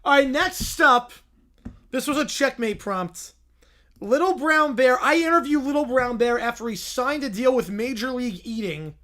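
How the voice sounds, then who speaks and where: A man hosting a livestream, narrating improvised comedy sketches in a rapid mock-sportscaster manner. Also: very high voice, bright, forceful tone. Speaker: livestream host.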